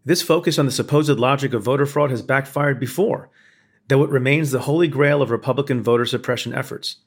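Gravelly-voiced man reading pointed commentary. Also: medium pitch, fairly quick. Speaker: former prosecutor narrating commentary. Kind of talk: reading a scripted opinion essay.

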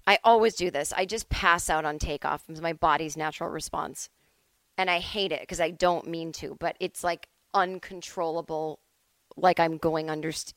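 A woman's voice: on the low side, a bit bright, no room sound. Middle-aged woman, comedy podcast host, rambling self-deprecating storyteller, dry close mic. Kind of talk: casual comic storytelling. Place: at home.

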